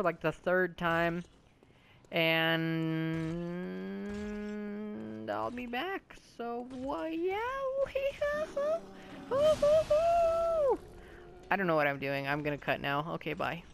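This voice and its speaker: High and fairly bright, this man's voice carries casual let's-play commentary full of jokes, rambling, self-mockery and swearing at enemies. It's a little sore from hours of talking, and a slight hiss or hum can be heard.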